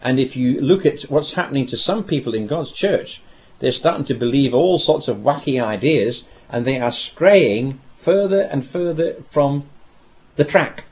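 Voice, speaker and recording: A man preaching a sermon, telling a scripture story with dramatic pauses and repeated phrases. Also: mid-range voice, animated, darkish tone.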